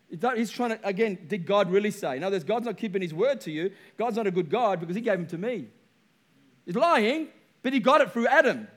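High-voiced emphatic male pastor. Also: lively intonation, fast. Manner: emphatic, repeats key phrases. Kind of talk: sermon.

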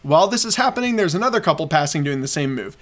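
Excitable rambling man, fairly high voice. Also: quick pace. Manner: excited, rambling storytelling with frequent fillers and laughs. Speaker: podcast co-host. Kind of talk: casual chat.

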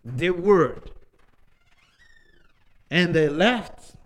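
A man preaching a testimony in broken English, telling his story with animation and dropping from quiet, low passages into loud, excited ones. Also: extremely slow, poor audio. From Africa. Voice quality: non-native English, broken grammar. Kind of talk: sermon testimony.

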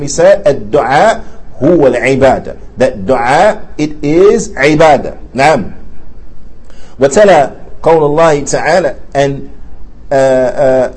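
A man teaching a religious class in a mosque, at a mid pitch. He reads Arabic passages, then explains them in English with earnest emphasis, pausing on fillers and restarting phrases. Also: a little mellow, breathy edge, poor audio. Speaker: Islamic studies teacher. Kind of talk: religious class, reading Arabic text and translating.

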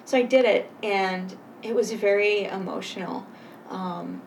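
Woman guest, low gravelly voice, earnest and halting, sits a bit back from the mic. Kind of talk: personal storytelling in conversation. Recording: voice a bit far from mic, faint noise.

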